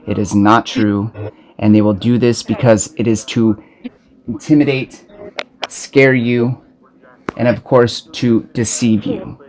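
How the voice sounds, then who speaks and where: A man from Arizona recording on his smartphone, delivering an urgent, profane spiritual warning with frequent stumbles and restarts. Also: medium pitch. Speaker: self-made video preacher. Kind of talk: impassioned spiritual warning monologue.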